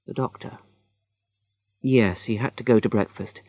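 A man giving scripted narration of a story in a slow, deliberate way. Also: mid-range voice, steady tone, darkish tone, dry recording.

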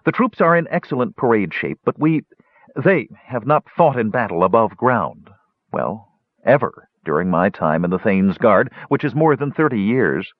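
Guy putting on a quick earnest young woman, pitched way up, urgent, dull dry recording. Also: very animated, no echo. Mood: worried.

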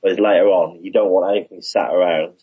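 A man co-hosting a podcast, giving measured, opinionated takes in casual chat about a TV show. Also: deep voice, steady tone, slightly rough, no echo, narrow, tinny audio. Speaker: podcast co-host.

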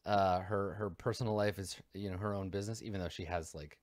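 A man's voice: sits low, fairly even intonation, a little fast, no echo, studio quality. A man narrating as game master of a tabletop role-playing game, rambling with lots of fillers.

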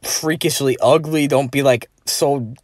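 A man's voice: medium pitch, steady tone, measured pace, dry recording. Rambling, profane man, dry close sound. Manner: rambling, crude and profane, heavy filler phrases. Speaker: vlogger. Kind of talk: rambling personal monologue.

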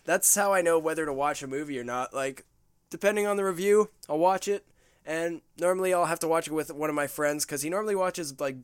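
A man's voice: on the high side, clear, resonant tone, dry recording, clean studio sound. A man hosting a casual podcast, chatty and laughing between phrases. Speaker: podcast host.

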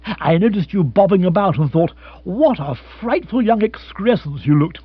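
A man's voice: high-pitched, lively intonation, normal speed, breathy edge, dry recording, voice pushed up. A man doing a bumbling jovial English husband. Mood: bumbling, hearty. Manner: stammering, chuckling, blustery. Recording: dry, slightly dull audiobook.

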